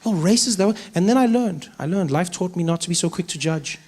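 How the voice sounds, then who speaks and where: A South African man doing stand-up comedy, animated, slipping into acted voices and accents. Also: sits high, fast. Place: stage. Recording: live stand-up with audience noise.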